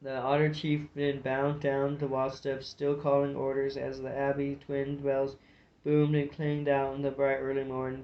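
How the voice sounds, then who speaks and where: A man's voice: mid-range voice, monotone, unhurried. A man reading a fantasy storybook aloud, narrating with occasional slips and restarts. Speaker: audiobook reader. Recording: dull lo-fi recording.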